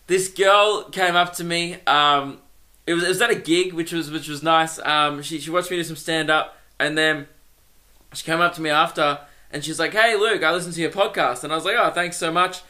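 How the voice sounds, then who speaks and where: A man's voice: on the high side, fairly even intonation, normal speed, sharp tone. A young man hosting a solo comedy podcast, rambling and self-mocking and laughing at his own jokes.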